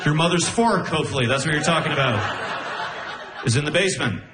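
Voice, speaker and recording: A man doing a stand-up comedy set, telling stories with animated, incredulous outbursts. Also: normal speed, noisy background. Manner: animated storytelling, jumping into high-pitched incredulous outbursts. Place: comedy club stage. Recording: roomy live venue sound. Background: audience laughter.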